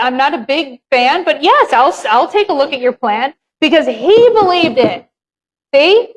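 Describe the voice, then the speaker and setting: A woman's voice: high voice, low-quality recording. A woman presenting a live real estate seminar, chatty and candid, swearing casually as she talks.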